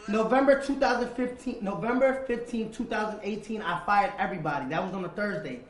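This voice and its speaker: A man telling a long personal story in an interview. He repeats phrases, acts out remembered dialogue and drops to a low, quiet voice for the tense parts. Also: brisk. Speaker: interview guest. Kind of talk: casual storytelling. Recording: roomy echo.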